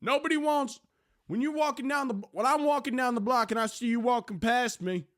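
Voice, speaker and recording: A man playing a crude, perverted male Southern radio host with a put-on Southern drawl, preaching in drawn-out lines that keep ending in "okay?". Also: very high-pitched, fairly bright tone, pitched above the performer's own voice. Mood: leering.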